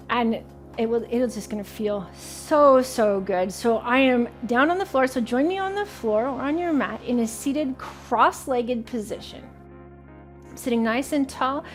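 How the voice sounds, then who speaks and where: A woman hosting a home workout show, guiding viewers through push-ups and stretches with encouragement, a little out of breath. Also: a little high. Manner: encouraging, counting reps aloud with laughs. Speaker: fitness instructor and host. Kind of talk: guided home workout instruction.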